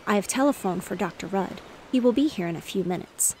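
Woman reading a gentle mother, caring and concerned, with faint waves behind. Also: mid-range voice, animated, a little fast, slight background noise, natural voice. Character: caring mother of two young children.

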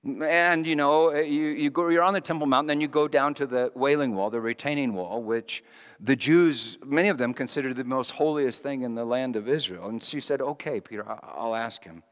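A male pastor preaching a sermon, telling stories and moving between hushed, quiet passages and lively, raised ones. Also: mid-range voice, moderate pace, in a large hall. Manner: storytelling, shifting between hushed and animated.

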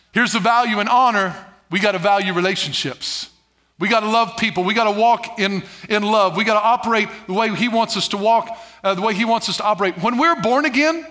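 A man's voice: sits high, bright, forceful tone. A middle-aged male pastor preaching a sermon in church, calling for responses and repeating key phrases. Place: church sanctuary.

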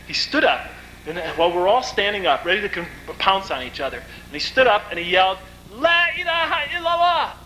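A man giving a lecture, telling stories in a vivid, animated way. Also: high-pitched, fast talker, slight background noise, rough recording. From United States. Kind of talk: storytelling lecture.

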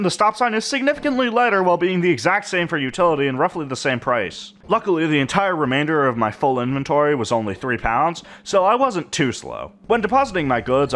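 A young man narrating his gameplay in a dry, wry commentary voice. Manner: dry, wry narration with lively shifts in pitch. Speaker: gaming YouTuber.

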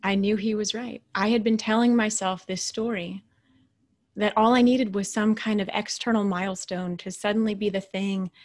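A woman in her thirties or forties giving a motivational talk as a keynote speaker, telling a personal story in a conversational, animated way with quiet, hushed asides. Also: medium pitch. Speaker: keynote speaker and leadership coach.

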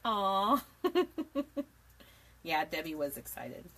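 A woman's voice: low voice, big pitch swings, slow, sharp tone, husky. A woman in her forties hosting a live craft tutorial from her home desk, chatty and rambling, laughing often and greeting viewers by name. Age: 40s. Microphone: camera mic at a desk.

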